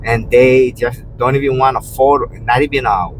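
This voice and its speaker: This rideshare driver has a mid-range, steady voice at normal speed, telling casual stories while he drives, road noise faintly audible. His talk wanders, full of "you know" and false starts, and he raises his voice when acting out what people said.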